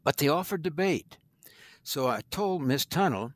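An older man from Missouri, a guest attorney, telling stories in a folksy, unhurried way in an interview. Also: mid-range voice, sing-song, dry recording. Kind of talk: storytelling in an interview.

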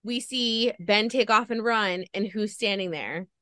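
A woman's voice: medium pitch, a little slow, fairly bright tone, dry recording. A woman podcast host gushing as she retells a story in a casual interview chat.

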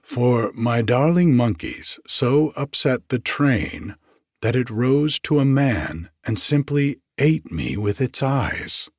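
A man's voice: medium pitch, animated, slow pace, darkish tone, no room sound, studio quality, voice pushed up. A man doing a gushing society lady. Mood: amused gushing. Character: affected society lady, chattering and theatrical.

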